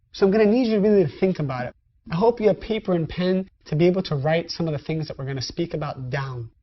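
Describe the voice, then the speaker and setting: A woman's voice: on the low side, highs cut off. A woman teaching a spiritual lesson in a conversational style, speaking directly to her listeners. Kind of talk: recorded lecture.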